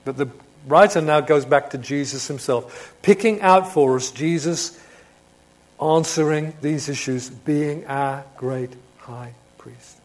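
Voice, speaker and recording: A man preaching a sermon, swinging between emphatic proclamation and hushed reflection, often asking his listeners rhetorical questions. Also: on the high side, takes it slowly. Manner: asks rhetorical questions of the congregation.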